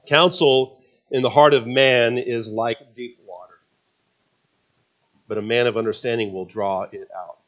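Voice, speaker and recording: A man preaching a sermon as pastor, swinging between loud emphatic passages and quiet, confiding asides. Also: medium pitch, steady tone, unhurried, long pauses.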